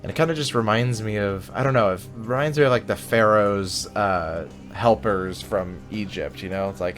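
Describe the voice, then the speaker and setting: A man's voice: lowish voice, normal speed, few pauses, fairly bright tone, faint music behind. A man hosting a gaming video, chatting and joking as he plays and reads game text aloud. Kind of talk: let's play commentary.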